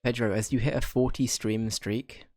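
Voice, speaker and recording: A man's voice: mid-range voice, fairly even intonation, normal speed, darkish tone, no room sound, faint music behind. A man streaming a game and chatting with viewers, a bit bunged up from being slightly ill, rambling and addressing chat by name.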